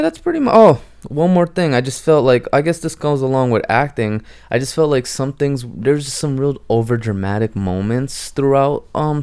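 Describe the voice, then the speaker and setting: Smooth-voiced young man reviewing movies. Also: medium pitch, dark tone. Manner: rambling, lots of fillers, acts out quotes. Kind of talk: casual film review monologue.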